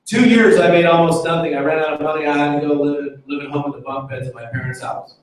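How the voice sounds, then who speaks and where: A man's voice: on the high side, fairly even intonation, fast. A man giving a live motivational talk to an audience, telling joking stories with energy. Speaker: motivational speaker. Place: event room with an audience. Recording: echoey hall from far off, faint noise.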